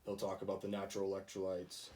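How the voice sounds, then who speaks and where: A man's voice: sits low, completely flat delivery, fast, warm tone, far from the mic. A young man giving a casual class project presentation, with frequent ums and restarts. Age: young adult. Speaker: student presenter.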